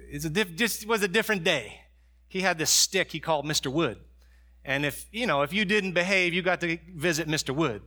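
A middle-aged male pastor with a fairly high-pitched voice preaches a sermon, dropping into soft storytelling and then rising into raised, fervent preaching.

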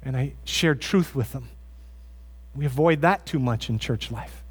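A man's voice: medium pitch, measured pace, slightly rough. A man preaching a sermon as pastor in a church, earnest and conversational, often restarting his phrases.

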